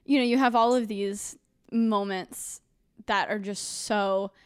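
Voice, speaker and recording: A woman's voice: medium pitch, fairly even intonation, slow, smooth, no room sound, clean studio sound. A woman hosting an interview, asking encouraging follow-up questions in a reflective, conversational way.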